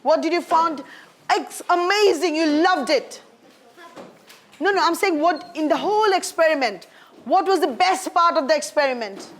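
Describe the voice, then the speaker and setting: A woman teaching a primary school science lesson in a classroom. Her voice sits high and she keeps the children on task, praising them warmly and calling them darling. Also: moderate pace, a little hiss or hum. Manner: encouraging, calls pupils darling.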